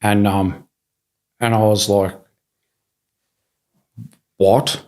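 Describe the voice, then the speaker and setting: Man, lowish voice, casual storytelling, animated, acts out quotes, restarts sentences, studio podcast. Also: moderate pace. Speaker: podcast guest.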